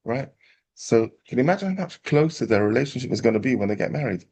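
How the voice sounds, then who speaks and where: A man, a rabbi telling a parable in a lively storytelling class. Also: medium pitch, fast talker, breathy edge. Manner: animated storyteller, acting out quotes.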